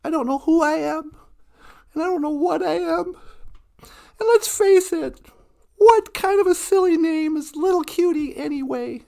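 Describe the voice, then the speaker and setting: A small, anxious teddy bear, as a woman storyteller puts him on. He stammers and trips over his words, unsure of where he belongs. His voice sits high. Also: a little slow, gravelly, pauses often, dark tone, exaggerated voice. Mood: forlorn. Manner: hesitant, stammering. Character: small timid teddy bear, lost and worried.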